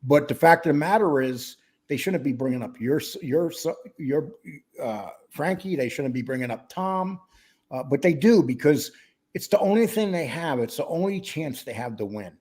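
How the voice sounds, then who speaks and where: Guy hosting a live stream, kinda husky voice, blunt, just says it how it is. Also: fairly high pitch, expressive, normal speed, a little mellow. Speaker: podcast host reading viewer chat. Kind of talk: casual livestream chat.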